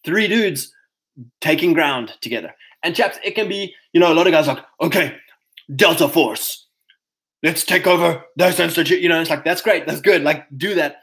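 A man hosting a casual livestream, talking to his viewers in an energetic, preachy way. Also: a little high, fairly quick, low-quality recording. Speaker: host.

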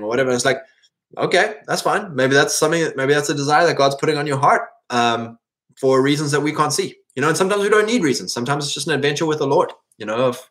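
A man's voice: a little high, fast talker, fairly bright tone. A man giving an earnest, rambling faith-based motivational talk to men, full of restarts and fillers, his voice a little strained. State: voice strained, coughing and clearing throat.

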